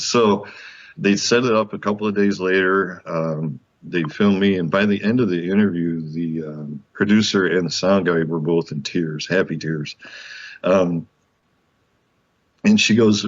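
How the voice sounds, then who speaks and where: A man, a guest author, telling a story in an interview, animated and laughing often as he acts out the dialogue. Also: sits low, measured pace, husky, lo-fi sound.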